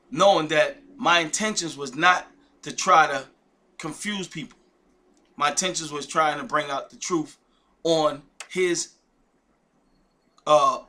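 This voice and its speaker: A man preaches informally in a bright, forceful voice that sits a little high. He talks emphatically and repeats himself, pressing points with rhetorical questions and offhand asides. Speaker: religious video teacher.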